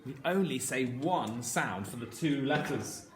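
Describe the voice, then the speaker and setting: A man leads a children's phonics lesson, stretching out each sound slowly and praising the class. His pitch swings widely as he speaks. The room is echoey, with a faint hum of ambience behind him. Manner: slow, sounding out words letter by letter; encouraging, animated teacher voice. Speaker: primary school teacher.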